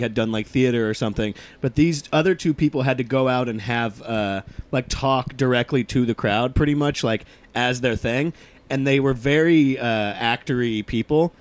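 A man co-hosting a comedy podcast, telling anecdotes in a laid-back, loose way, full of "like" and fillers. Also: medium pitch. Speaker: podcast co-host. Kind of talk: casual storytelling.

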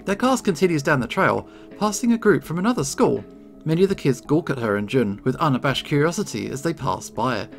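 Expressive man reading a story game. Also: fairly high pitch, brisk, creaky, faint music behind. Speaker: let's play host.

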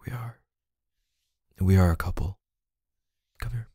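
A young man speaking softly and hesitantly in a whispered role-play, as an affectionate boyfriend. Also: deep voice, a little slow, slightly rough, no room sound, clean studio sound. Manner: soft-spoken, hesitant, affectionate. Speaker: ASMR boyfriend roleplay creator.

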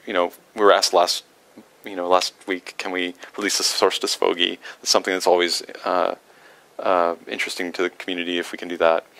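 A man's voice: sits low, level tone, brisk, fairly bright tone, poor audio. A man answering viewer questions on a livestream in a casual, rambling way, with many fillers and restarts.

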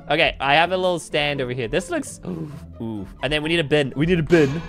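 A British woman voicing TeeVee, a bossy, excitable young sibling chatting while building in a game roleplay. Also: low-pitched, a little fast, soft background music. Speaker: main roleplay voice.

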